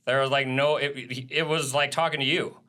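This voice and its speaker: A man in his thirties with a bright, forward voice tells tour stories in a relaxed podcast chat. He's animated and loose, swearing freely and laughing as he goes. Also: medium pitch, moderate pace. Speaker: live audio engineer and drummer. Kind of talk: casual podcast interview.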